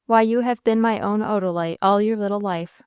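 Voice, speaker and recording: A woman's voice: medium pitch, fairly quick, clear, resonant tone, no echo, dull audio, natural voice. A woman voicing an ardent, devoted young man, speaking in a pleading, emphatic way in a storybook reading. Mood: coaxing.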